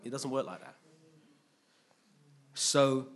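A man's voice: medium pitch, takes it slowly. A man preaching a conversational sermon, often checking in with his listeners.

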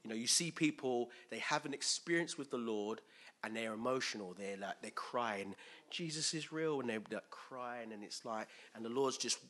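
Brit guy giving a casual sermon, talks loosely with fillers, tone's bright and forceful. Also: medium pitch, moderate pace. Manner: chatty, lively, with lots of fillers and repeated words. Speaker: preacher. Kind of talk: conversational sermon.

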